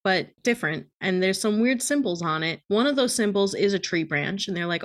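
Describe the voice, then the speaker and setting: A woman co-hosting a podcast, narrating an improvised comic story in a casual, deadpan, profane way. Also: medium pitch, brisk, few pauses. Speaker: podcast co-host.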